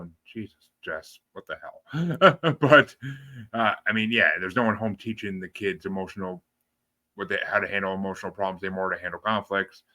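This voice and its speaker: A man's voice: on the low side, pushed and bright. A young adult man hosting a casual interview, talking loosely, swearing offhand and laughing often. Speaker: podcast host.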